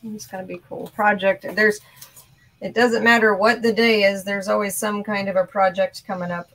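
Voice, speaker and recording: A woman's voice: medium pitch, flat delivery, moderate pace, a bit bright, low-quality recording. A woman hosting a crafting show, chatting casually and upbeat while showing her projects.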